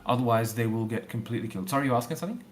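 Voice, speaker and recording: A game developer talks through his ideas on a casual livestream. He thinks out loud in long, loose runs, stacking up repeated fillers and restarts as he goes. His voice sits at an ordinary middle pitch for a man. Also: racing, soft background music.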